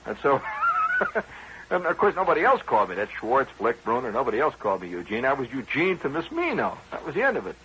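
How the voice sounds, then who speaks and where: A man's voice: mid-range voice, huge pitch swings, fast talker, hardly any pauses, bright, forceful tone, breathy edge, rough recording. A man hosting a radio show, telling a rambling personal story in a conversational, wry way with frequent asides to his listeners.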